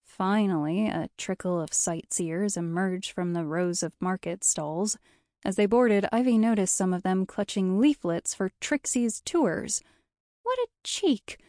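Female audiobook narrator, warm and measured, close dry read. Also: mid-range voice, no room sound.

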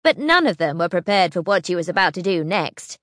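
A woman narrating a children's storybook audiobook in an expressive, storytelling manner. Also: fairly low pitch, a little fast, no room sound, studio quality.

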